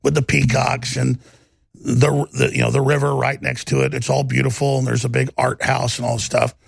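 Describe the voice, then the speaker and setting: A man's voice: medium pitch, level tone, moderate pace, vocal fry, breathy edge, no room sound, clean studio sound. A middle-aged man hosting a combative political commentary, rambling and scornful. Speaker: host.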